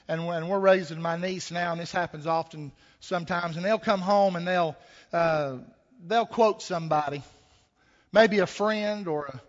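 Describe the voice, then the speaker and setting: A man preaching a sermon, folksy and conversational, with rhetorical questions and a homespun story. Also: high-pitched. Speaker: pastor. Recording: echoey hall, dull lo-fi sound.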